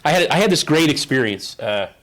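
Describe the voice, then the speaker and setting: A man's voice: a little high, lively intonation, brisk, a bit bright. A man, a therapist, giving a conference presentation in a conversational storytelling way and often checking in with the audience. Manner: storytelling, acts out parent and child voices; conversational, asks the audience "right?".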